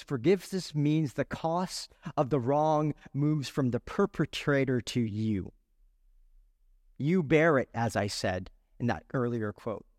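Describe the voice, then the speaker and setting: A man's voice: medium pitch, studio quality. A man preaching a sermon as pastor, earnest and full of rhetorical questions, leaning into key words. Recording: long reverb in a large hall.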